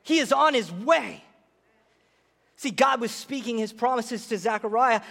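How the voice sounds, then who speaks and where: High-voiced man preaching in a reverberant hall. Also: a little slow, vocal fry, long pauses. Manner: animated preaching, dramatic quoted voices. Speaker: pastor. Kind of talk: sermon.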